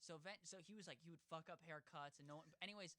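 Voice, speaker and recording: A man's voice: quick pace, sharp tone, dry recording. A young man hosting a podcast, telling a rambling story in a casual, swearing way. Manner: rambling, swears, jumps into high voices for quotes. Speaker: podcast host.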